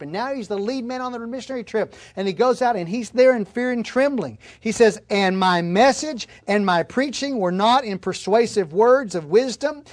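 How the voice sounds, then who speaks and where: Preacher man, high-pitched, earnest, emphatic, repeats himself. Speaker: pastor. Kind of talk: sermon.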